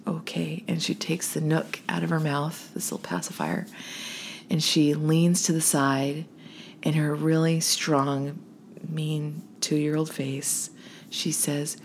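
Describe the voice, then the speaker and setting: A woman in her thirties tells a personal story as a podcast host, her voice sitting low and unhurried. She slips into a hushed near-whisper whenever the story turns tense. A faint hum of ambience runs under the recording. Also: creaky.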